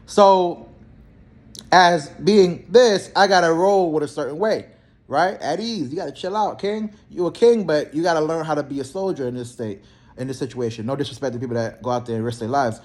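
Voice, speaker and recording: A young man, a healthcare therapist, telling work stories in a blunt, slangy, animated way and acting out both sides of the talk. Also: fairly high pitch, normal speed. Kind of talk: casual storytelling vlog.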